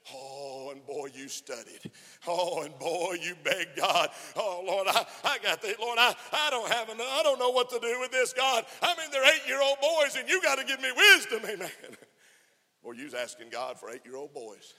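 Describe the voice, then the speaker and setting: A man's voice: mid-range voice, bright, forceful tone. A man preaching a fervent sermon to a conference, often laughing and calling for amens. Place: church conference hall. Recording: echoey hall reverb.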